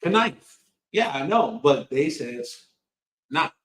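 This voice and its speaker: A man co-hosting a casual podcast chat, jumping in loudly with jokes. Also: medium pitch, very animated, a little slow, reverberant. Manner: loud, joking interjections. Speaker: podcast co-host.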